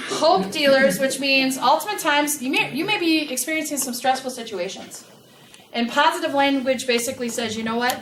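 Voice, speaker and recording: A woman giving a lively customer service training talk to a live audience and asking them questions. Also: high voice. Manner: animated, asks the audience questions. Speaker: workplace trainer. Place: large room with a live audience. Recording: echoey room, from a distance, faint noise.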